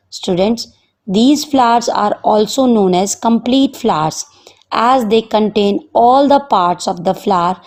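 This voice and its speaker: Slow, measured Indian woman teacher. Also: medium pitch, darkish tone. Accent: Indian English. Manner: slow, dictating, addresses students repeatedly. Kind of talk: recorded online science lesson.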